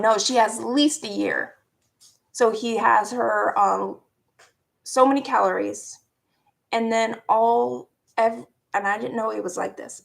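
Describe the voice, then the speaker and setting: A young woman speaks slowly and unhurriedly, her voice full of gravelly fry and sitting a little higher than most. She tells a personal story in a candid, rambling way, swearing and laughing as she goes. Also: fairly bright tone. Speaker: vlogger.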